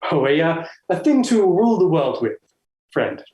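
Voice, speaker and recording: A playful poet who savours every phrase, played by a man, in lively Elizabethan stage speech. His voice leaps up and down and stays slightly high. The room around him is echoey. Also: moderate pace, muffled recording. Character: playful male poet, charmed by words.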